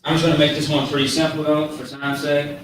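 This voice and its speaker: A man giving a casual, slangy lesson on words, spelling them out slowly. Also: a little high, flat delivery, fairly bright tone. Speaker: teacher of a language class. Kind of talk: informal lesson with a live chat. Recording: echoey room, far from mic, faint noise.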